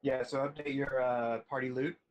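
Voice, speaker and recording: A man narrating as game master of a tabletop game, talking slowly and hesitantly with many fillers. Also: medium pitch, little pitch movement, muffled recording. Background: faint background music.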